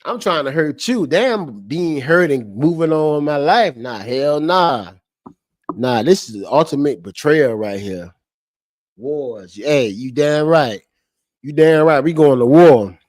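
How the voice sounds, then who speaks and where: A man talking straight to his stream chat in a fired-up, cursing way, circling back to the same lines again and again. His voice sits a bit high for a man. The sound is dry and close, with no room echo. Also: expressive, slow pace, a little mellow. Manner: heated, profane and repetitive, restating each point. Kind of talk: unscripted live-stream commentary.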